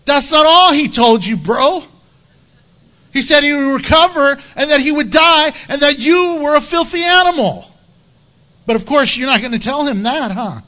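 A man's voice: very high voice, animated, moderate pace, bright, forceful tone. A man preaching an expository sermon in an impassioned, emphatic, conversational way.

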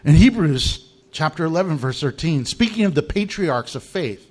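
Lively, high-voiced joking male preacher. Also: normal speed. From United States. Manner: animated storytelling, laughs at his own jokes. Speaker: pastor. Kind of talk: humorous sermon.

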